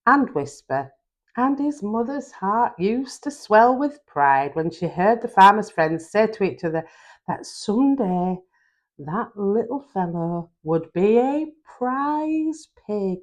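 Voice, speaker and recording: An older woman with a Yorkshire accent reads a children's bedtime story, stopping for chatty homely asides. She takes her time, and her voice rises and falls in a lively sing-song. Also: medium pitch. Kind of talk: reading a children's story aloud.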